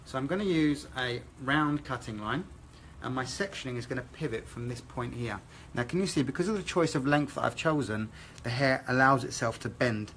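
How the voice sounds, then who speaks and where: British male hair educator, middle pitch, methodical live cutting demo, faint background noise. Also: brisk, fairly bright tone. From England. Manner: explains steps methodically, asks okay?. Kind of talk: live haircut demonstration.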